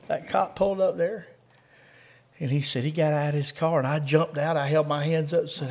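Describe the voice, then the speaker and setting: A man's voice: a little high, steady tone, a little fast. A middle-aged man from Kentucky with a Southern accent, a coon hunting dog handler telling a story in an interview in a folksy way. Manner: folksy storyteller, laughs through the funny parts.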